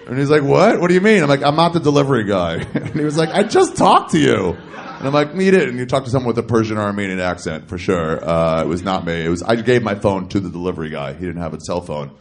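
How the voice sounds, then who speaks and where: A man's voice: lowish voice, lively intonation, quick pace. A man in his thirties telling a stand-up story on a club stage into a handheld mic, acting out both sides of phone calls in raised voices. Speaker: stand-up comedian.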